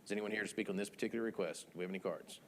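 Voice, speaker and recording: A man's voice: fairly low pitch, very fast, long reverb tail, a little hiss or hum. A man chairing a town board meeting as mayor, rattling through motions and votes.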